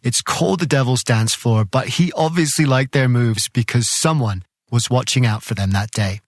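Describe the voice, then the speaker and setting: Guy hosting a podcast, mid pitch, dry close mic, narrates with lots of emphasis. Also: normal speed, dry recording. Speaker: podcast host. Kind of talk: scripted narration.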